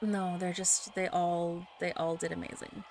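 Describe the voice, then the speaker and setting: A woman hosting a reaction channel, chatting casually and getting excited, sometimes shouting and laughing. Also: lowish voice, unhurried, slight background noise. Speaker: K-pop reaction channel host.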